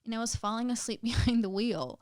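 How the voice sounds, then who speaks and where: A woman's voice: on the high side, brisk, darkish tone, no echo, clean studio sound. A young woman, a podcast guest, telling a painful personal story in casual chat, emotional, with lots of "like" fillers and some swearing.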